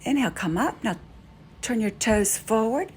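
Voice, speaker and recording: A woman yoga instructor giving calm, steady step-by-step cues through a guided class. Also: fairly high pitch, moderate pace, slight background noise.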